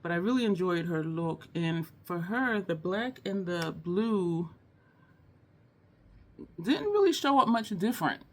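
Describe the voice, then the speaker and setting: A woman's voice: fairly low pitch, very animated, measured pace. A woman filming a casual makeup tutorial at home, chatting to viewers with frequent laughs and teary eyes. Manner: chatty, laughs often, addresses viewers as y'all. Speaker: beauty vlogger.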